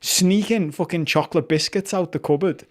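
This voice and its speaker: A man in his forties with a Liverpool accent co-hosting a podcast, telling stories in a lively, sweary way. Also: high voice, normal speed. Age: 40s. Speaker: podcast co-host. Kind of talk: casual chat.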